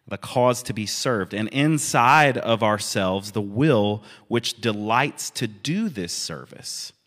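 A man preaching a sermon in a relaxed, conversational way, with amused asides. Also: fairly low pitch. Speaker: pastor. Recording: long reverb of a hall.

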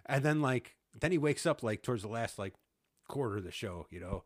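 A man's voice: mid-range voice, animated, a little fast. A man in his thirties telling a story in a casual podcast chat, laughing often, swearing and acting out what people said. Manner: laughing, swearing, acts out quotes. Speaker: podcast host.

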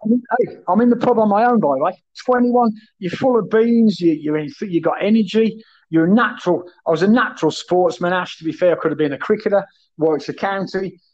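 Man, middle-aged, blunt sweary storyteller, fairly high voice, muffled lo-fi sound. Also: a little fast, darkish tone. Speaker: podcast guest, former footballer. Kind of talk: casual storytelling chat. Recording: muffled lo-fi audio.

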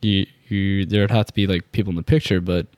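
A man's voice: low voice, fairly even intonation, fairly quick, a little mellow, dry recording. A young man co-hosting a podcast, easygoing and asking questions in casual chat on a dynamic mic in a studio. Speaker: podcast co-host.

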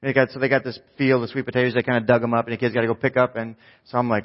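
Brief: man, thirties, relaxed self-mocking preacher, medium pitch, dull muffled church recording. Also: racing. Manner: casual, rambling, self-mocking storyteller. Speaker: pastor. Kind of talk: preaching a sermon with a personal story.

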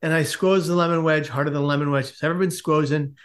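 A man with a somewhat high voice tells a comic story as a podcast guest. He is animated and acts out each person in the tale. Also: quick pace. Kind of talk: storytelling in casual conversation.

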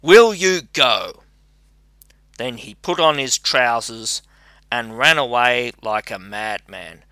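Male audiobook narrator, measured storybook reading, smooth resonant voice, dry close mic. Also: mid-range voice, bright, forceful tone, dry recording. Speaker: audiobook reader.

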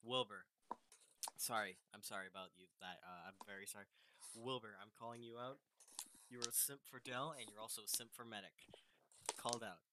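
A man's voice: lowish voice, a little fast, long pauses, background noise. A young man co-hosting a podcast, chatting casually in playful, giggly banter over an online call. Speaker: podcast co-host. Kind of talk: casual chat.

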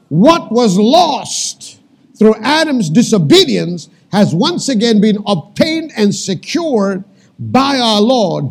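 A man preaching a sermon as pastor, calling out to the congregation and repeating lines for emphasis, sometimes shouting commands. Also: high-pitched.

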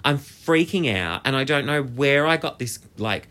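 An Australian man hosting a podcast, telling a story in a chatty, animated way, swearing and filling with "like". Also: medium pitch, moderate pace. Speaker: podcast host. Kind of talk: casual storytelling monologue.

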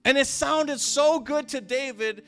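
A man preaching a sermon with passion, repeating phrases and rising to shouts for emphasis. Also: extremely high pitch, measured pace, soft background music.

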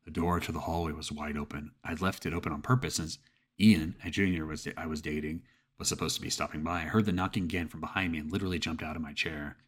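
A man narrating a scripted horror story in a steady storytelling manner, with some casual swearing. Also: extremely low pitch, fast talker, slightly rough.

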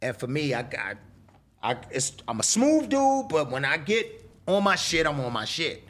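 A middle-aged man, a rapper telling stories in a candid interview, swearing freely and acting out what people said to him. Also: normal speed. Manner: animated, profane, acts out quoted exchanges with big pitch swings.

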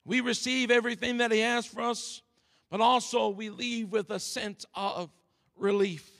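A man preaching a sermon in a slow, deliberate cadence. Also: extremely high pitch, flat delivery, gravelly, a bit bright. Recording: long reverb of a large hall.

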